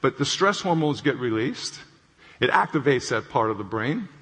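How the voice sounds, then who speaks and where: Husky man talking with hall echo. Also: mid-range voice, lively intonation, moderate pace, fairly bright tone. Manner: conversational, repeats points and checks in with "okay?". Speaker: clinician speaking on stress. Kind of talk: explanatory talk with acted anecdote. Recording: long hall reverb.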